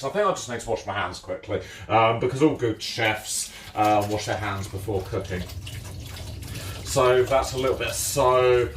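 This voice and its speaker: A British man hosting a live cooking stream, chatting casually and rambling as he greets viewers by name while he bakes in his home kitchen. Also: mid-range voice. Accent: British English. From Britain. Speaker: livestream cooking host. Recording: echoey kitchen with faint background noise.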